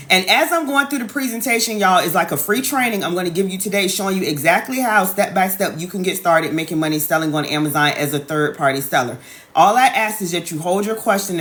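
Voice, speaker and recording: A woman's voice: lowish voice, fairly bright tone. A woman in her thirties coaching viewers on a live stream, chatty and repetitive, calling out to the chat and saying "y'all" and "okay" a lot, talking into a phone. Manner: chatty, repeats calls to the audience, says "y'all" and "okay" often. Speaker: online business coach hosting a live stream. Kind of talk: casual live-stream sales talk.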